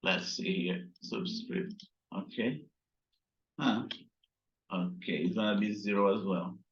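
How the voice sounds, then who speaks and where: A man teaching a physics class, slowly explaining while working on slides and often checking in with "right?". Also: lowish voice. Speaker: physics instructor. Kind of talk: recorded classroom lecture. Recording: echoey, dull lo-fi room sound.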